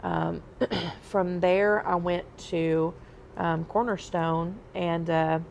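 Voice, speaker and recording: A woman's voice: on the low side, steady tone, very slow, gravelly, darkish tone, a little hiss or hum. A woman, a podcast guest, candidly telling her own life story in a conversational way, often saying um and like. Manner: conversational, frequent "um" and "like".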